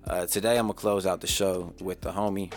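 Young man, podcast host, deep voice, crackly fry, casual swearing monologue. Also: fairly even intonation, brisk, faint music behind. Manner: profane, slangy, rambling. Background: faint background beat.

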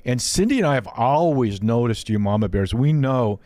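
A man's voice: mid-range voice, animated, moderate pace, a little mellow, dry recording. A man hosting a faith interview show, talking earnestly and often restarting his sentences. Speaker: podcast host.

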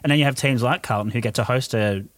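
Fast-talking Australian man hosting a podcast. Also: medium pitch, dry recording. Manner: theatrical, playful opener. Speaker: podcast host. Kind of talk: casual podcast chat with scripted intro.

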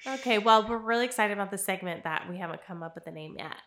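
A young woman with a bright, forceful voice hosts a casual podcast chat, teasing and laughing with her guests. The room is noticeably echoey. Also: mid-range voice, fast talker. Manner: chatty, teasing, laughs often. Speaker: podcast host.

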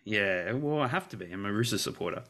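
A man's voice: fairly low pitch, animated, fast, pushed and bright. A man who is a guest on a sports podcast, chatting casually, reading out contract figures, and laughing easily.

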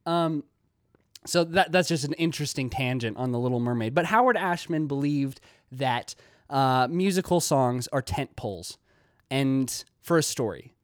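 A man's voice: mid-range voice, expressive, normal speed, no echo, clean studio sound. A young man hosting a casual video essay, rambling with many "likes" and restarts.

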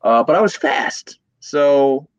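A man's voice: medium pitch, lively intonation, slow, smooth, no room sound, muffled recording. A young man, an actor from Virginia Beach, chatting casually as an interview guest, with many fillers and restarts. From Virginia Beach, USA.

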